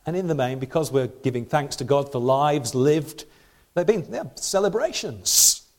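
A man's voice: a little high, expressive, moderate pace. A middle-aged man giving a sermon in a conversational way, with rhetorical questions and frequent restarts. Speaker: preacher.

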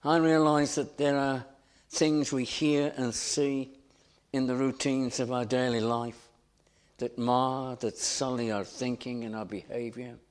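Male preacher, mid-range voice, unhurried, earnest sermon delivery. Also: medium pitch, little pitch movement. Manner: slow, deliberate and earnest, rising for emphasis.

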